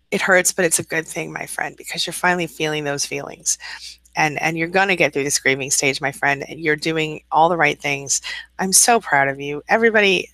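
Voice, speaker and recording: A woman's voice: low-pitched, bright, forceful tone, no room sound, poor audio. A woman hosting a live coaching stream, reading viewer comments aloud and encouraging them in a chatty, affirming way. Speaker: narcissistic abuse recovery coach, host. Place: at home, cat nearby.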